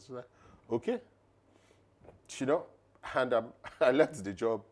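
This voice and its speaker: A man's voice: medium pitch, slow pace, long pauses, a little mellow. A man co-hosting a podcast, talking emphatically and laughing often. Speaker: podcast co-host. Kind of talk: conversational podcast talk.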